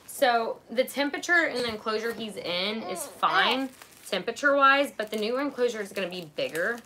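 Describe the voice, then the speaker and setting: A woman's voice: on the high side, lively intonation, brisk, bright, forceful tone. A woman hosting a casual live haul chat at home, rambling along with lots of "um" and "like" as she shows her purchases. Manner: rambling, heavy with fillers like "um" and "like". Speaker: channel host showing purchases. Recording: clear background noise.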